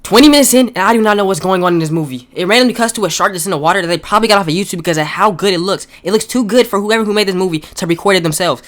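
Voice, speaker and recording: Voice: mid-range voice, rapid-fire, few pauses, a bit bright. A comedic movie reviewer who rants in exasperation and keeps repeating outraged questions about a bad film.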